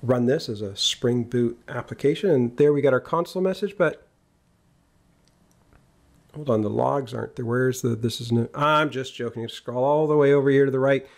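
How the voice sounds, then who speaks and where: A man's voice: medium pitch, moderate pace, a little mellow. A man giving a casual, jokey coding tutorial, talking through each step as he types. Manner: casual and jokey, talks while typing code. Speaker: programming instructor. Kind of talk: screen-recorded coding tutorial.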